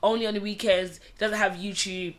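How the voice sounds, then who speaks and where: A woman, a guest telling lively personal stories and laughing often in a relaxed chat. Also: medium pitch, a little fast. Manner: animated storyteller, swears a lot, laughs often. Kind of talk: casual conversation.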